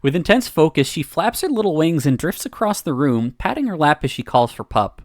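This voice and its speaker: A woman's voice: low-pitched, very animated, fairly quick, no echo, clean studio sound. A woman streamer reading a narrative game aloud, giggling and reacting between lines.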